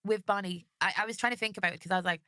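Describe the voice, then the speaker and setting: A woman's voice: medium pitch, fairly even intonation, racing, sharp tone, no room sound, studio quality. A woman chatting on a podcast, giggly and rambling with lots of fillers. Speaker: podcast co-host. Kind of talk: casual podcast chat.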